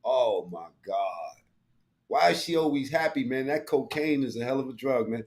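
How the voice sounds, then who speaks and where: A man's voice: mid-range voice, lively intonation, normal speed, darkish tone. A man commentating live on a stream, crude and mocking, rambling in heavy slang with frequent profanity.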